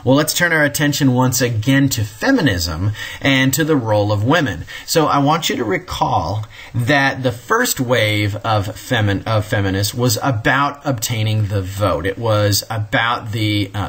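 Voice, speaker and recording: A husky, lowish male voice with a fairly bright tone and normal speed, from the American Midwest. He delivers a recorded history lecture conversationally, drifting into asides and correcting himself along the way.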